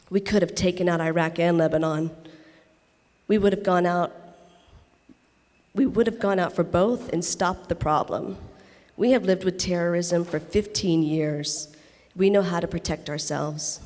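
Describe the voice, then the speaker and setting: A woman's voice: on the low side, a little mellow, lightly acted. A woman reading a monologue aloud, voicing a blunt, opinionated Israeli woman veteran who lectures with rhetorical questions. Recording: reverberant convention hall.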